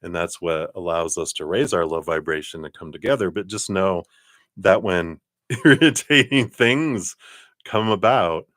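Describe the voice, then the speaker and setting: A man giving a live tarot card reading in a relaxed, chatty way, often laughing. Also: low voice, unhurried, dry recording, studio quality.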